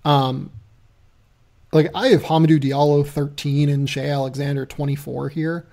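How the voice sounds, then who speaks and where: A man's voice: fairly high pitch, steady tone, normal speed, vocal fry, dark tone. A man hosting a podcast, chatting casually and loosely about basketball draft prospects, laughing at himself. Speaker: podcast host.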